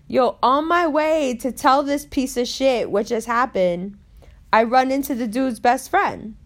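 A woman tells a story in loose, casual chat. She swears constantly and keeps the telling animated as she goes. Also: high-pitched, a little slow.

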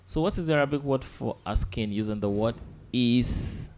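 A man teaching an Arabic lesson, drilling simple phrases slowly and patiently and asking students to repeat after him. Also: mid-range voice, darkish tone. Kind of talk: online language lesson.

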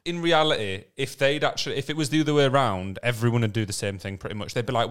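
A man's voice: mid-range voice, fast, fairly bright tone, clean tone. A man co-hosting a podcast in casual chat, rambling and laughing often, swearing now and then. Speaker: podcast co-host.

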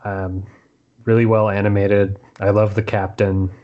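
Laid-back man with a low voice. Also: level tone, a little slow, a little mellow, dull audio. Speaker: podcast guest. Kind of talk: casual podcast chat.

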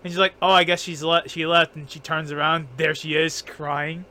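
A man's voice: on the high side, flat delivery, normal speed, bright, forceful tone. A man co-hosting a casual podcast, rambling with lots of fillers, restarts and frequent laughter. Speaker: podcast co-host.

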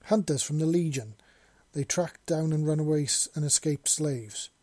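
Brief: male narrator as jittery armoured drifter, frantic, high and loud, husky edge. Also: normal speed, dry recording. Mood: urgent. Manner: frantic yelling, stammering. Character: panicky battle-worn wasteland man in helmet. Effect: helmet voice modulator.

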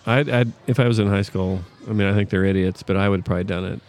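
A man's voice: sits low, steady tone, quick pace, a little mellow. A middle-aged man, a podcast guest, chatting casually and joking with the hosts. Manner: joking, laughs a lot. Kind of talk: casual chat.

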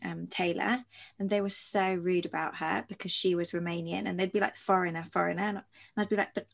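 Woman host, low gravelly voice, reflective rambling interviewer. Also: fairly even intonation, fairly quick. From London. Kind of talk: conversational interview.

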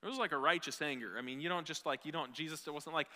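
A male pastor preaching with a bright, forceful, fairly high voice that swings from hushed to loud. He is lively, cracks asides and acts out scenes. His voice rings with a long reverb in a church sanctuary. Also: fast, few pauses. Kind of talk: sermon.

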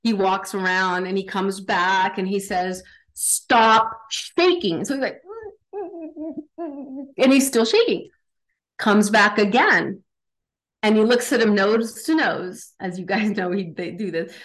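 Emphatic, energetic woman coach. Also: medium pitch, unhurried. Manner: energetic, emphatic, frequent "right?" tags; impassioned motivational delivery. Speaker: guest, performance coach. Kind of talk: casual podcast interview.

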